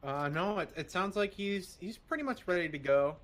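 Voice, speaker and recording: A man's voice: high-pitched, animated, normal speed, a bit bright. A man co-commentating a speedrun, laid-back and hesitant, with lots of fillers. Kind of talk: casual esports commentary.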